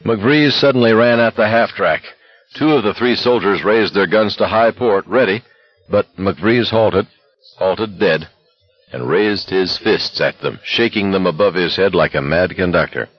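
Deep, husky male audiobook narrator. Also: unhurried, no echo, highs cut off. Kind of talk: scripted novel narration.

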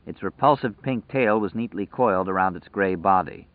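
A man narrating an audiobook in a measured, dramatic storytelling manner. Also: low-pitched, no room sound. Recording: dry tinny phone-like sound.

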